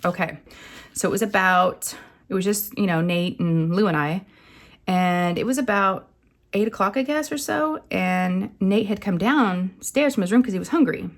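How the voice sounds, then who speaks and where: A woman, rambling and animated as she tells a story to camera. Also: mid-range voice, normal speed. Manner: chatty, rambling, animated retelling with acted quotes. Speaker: craft channel host.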